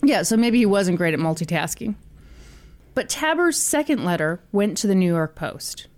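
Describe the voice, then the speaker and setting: A woman's voice: medium pitch, expressive, normal speed. A woman hosting a podcast, telling a story in a casual, jokey way with casual swearing.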